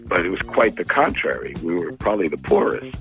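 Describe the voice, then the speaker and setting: A male musician being interviewed, telling anecdotes in an animated way, laughing and acting out what people said. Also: sits low, a little fast, soft background music. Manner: animated storyteller, laughs, acts out quotes. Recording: tinny phone-like interview line.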